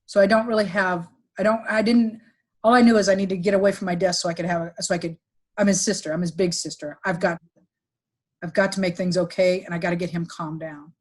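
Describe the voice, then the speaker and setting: A middle-aged woman recounting a painful family story on a podcast, with halting restarts and fillers, sometimes quoting others in livelier voices. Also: on the low side, steady tone. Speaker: podcast guest, executive recruiter. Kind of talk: emotional personal storytelling.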